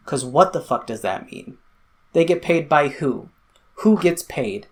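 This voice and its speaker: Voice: mid-range voice, big pitch swings, a little slow. A commentary vlogger, delivering an angry, sarcastic, profanity-filled political rant. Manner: sarcastic, profane, sputtering with anger.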